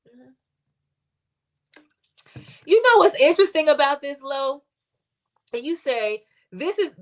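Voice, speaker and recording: A woman's voice: fairly high pitch, fairly bright tone. A woman pastor, preaching conversationally and telling a story with rising fervor.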